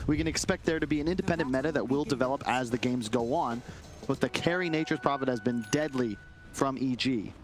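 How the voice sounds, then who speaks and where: A man giving measured, analytical color commentary on a live esports match. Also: medium pitch, music in the background.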